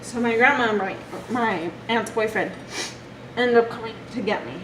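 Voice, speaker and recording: A young woman telling a personal story from her childhood in a halting, emotional way. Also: a little high. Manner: emotional, halting retelling with restarts. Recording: echoey room with background noise.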